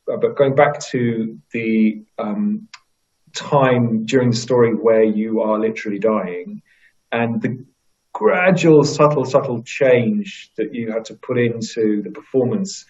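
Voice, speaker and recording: A man's voice: mid-range voice, darkish tone. A man hosting an interview, framing his questions hesitantly with many fillers. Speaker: interviewer host. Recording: dull lo-fi audio.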